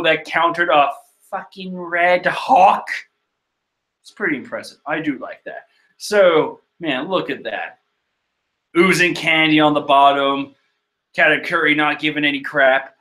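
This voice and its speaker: A bright, forceful man's voice, pitched a touch high, talks over a screen-shared manga chapter. He rambles, swears, laughs at himself and gets excited about the big moments. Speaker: manga chapter reader and reactor. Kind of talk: casual rambling commentary.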